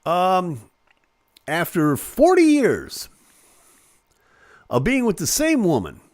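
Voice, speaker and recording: Animated joking male live-stream host. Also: high-pitched, takes it slowly, dry recording, studio quality. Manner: jokey, playful asides while reading. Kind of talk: casual live-stream chat reading celebrity news.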